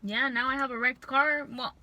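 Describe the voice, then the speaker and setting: A young woman vlogger telling a storytime to camera, venting in an animated, frustrated way. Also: sits high, normal speed.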